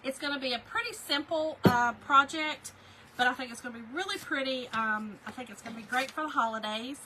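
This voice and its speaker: A woman's voice: high-pitched, a little fast, sharp tone, slight background noise, rough recording. A middle-aged woman, chatting folksily while she crafts, laughing often and answering viewer comments. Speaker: craft livestream host. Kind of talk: casual livestream chat while crafting.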